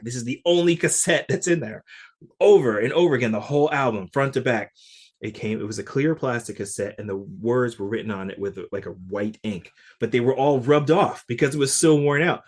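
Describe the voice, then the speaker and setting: A man, a guest musician, telling a story in an interview and acting out the voices of the people in it. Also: mid-range voice. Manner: animated, acts out quoted dialogue.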